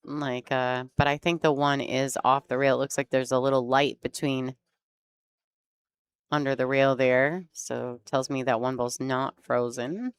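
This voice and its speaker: A woman's voice: extremely low pitch, fairly even intonation, measured pace, smooth, dry recording. A woman commentating a pool match in a chatty way, laughing easily and explaining the play. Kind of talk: sports commentary.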